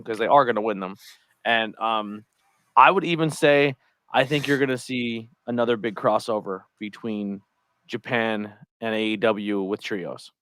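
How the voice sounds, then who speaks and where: A man's voice: medium pitch, fairly bright tone, no echo. Casual rambling man, dry sound. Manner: rambling, hedging with "I think". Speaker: podcast co-host. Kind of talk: casual chat.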